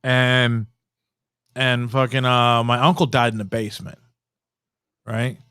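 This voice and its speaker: A man's voice: mid-range voice, slow, clean tone, dry recording, clean studio sound. A man telling a story in a casual podcast chat, rambling and swearing a lot. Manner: profane, rambling, animated storyteller. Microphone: podcast studio mic.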